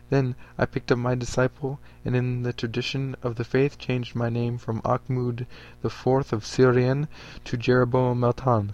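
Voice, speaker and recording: An earnest, solemn preacher, read by a man in a storybook reading, with formal, stiff phrasing in an ordinary middle-pitched voice. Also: darkish tone, dull audio, close to an everyday voice. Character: earnest, solemn male preacher, former soldier.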